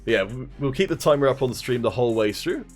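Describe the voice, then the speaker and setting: A man's voice: mid-range voice, lively intonation, quick pace, faint music behind. A man casting a mobile game stream, greeting chat viewers by name and joking at his own expense. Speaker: esports stream caster. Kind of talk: casual stream commentary.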